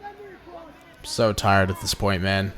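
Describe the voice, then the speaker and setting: A man's voice: low-pitched, wildly swooping pitch, takes it slowly, fairly bright tone. A young man giving casual, slangy voice-over commentary on his own footage as a vlogger. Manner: laid-back slangy, dude-and-bro talk.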